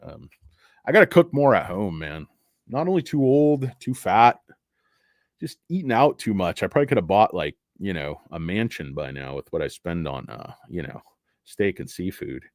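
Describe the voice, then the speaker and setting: A man's voice: deep voice, very animated, normal speed, dry recording, clean studio sound. A middle-aged man hosting a casual livestream, rambling and cursing as he rants and reads chat. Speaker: stock livestream host.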